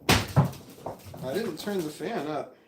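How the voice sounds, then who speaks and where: A man's voice: a little high, expressive, very slow, a bit bright. Coughing middle-aged man, meandering casual self-talk, roomy phone recording, faint room hum. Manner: meandering, self-correcting, chuckling to himself. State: coughing repeatedly. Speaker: vlogger livestreaming. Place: home room with a fan running.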